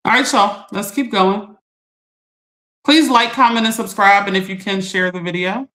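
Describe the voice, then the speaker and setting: A woman's voice: medium pitch, steady tone, normal speed, fairly bright tone. Chatty laughing woman teasing her viewers. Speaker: livestream host. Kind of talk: casual livestream chat reading comments.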